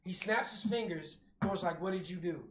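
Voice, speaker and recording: A man co-hosting a casual show, recapping a movie with animated storytelling, acting out the characters and swearing freely. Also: sits high, normal speed, a crowd in the background. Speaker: podcast co-host. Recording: echoey room with faint hum.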